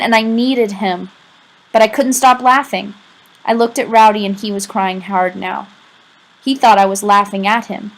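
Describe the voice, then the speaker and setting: Over a rough recording, a woman with a mid-range voice reads a first-person novel aloud. She keeps it conversational and confiding, tossing in casual asides to the listener.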